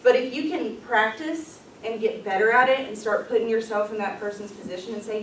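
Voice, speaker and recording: A woman's voice: a little high, normal speed, a bit bright, slight background noise. A woman presenting a leadership workshop, talking in an upbeat, casual way with frequent ums and light laughs. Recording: echoey room, voice from far off.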